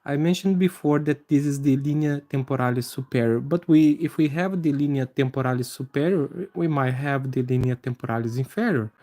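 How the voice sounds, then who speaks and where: Mellow-voiced man teaching live anatomy drawing. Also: medium pitch. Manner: halting, many fillers and restarts, friendly to viewers. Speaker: anatomy drawing livestream host. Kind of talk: live drawing tutorial with chat greetings.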